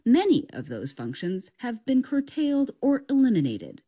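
Woman reporting news, lively pitch. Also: breathy edge. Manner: measured broadcast delivery.

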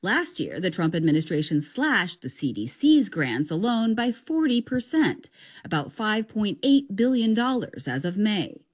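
A woman news reporter reads a scripted radio story in a measured broadcast manner. Her voice is lively in pitch and slightly husky.

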